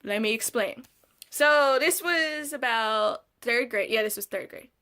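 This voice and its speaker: A young woman casually telling a storytime about her childhood, candid and swearing freely, with animated re-enactments. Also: sits high. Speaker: vlogger.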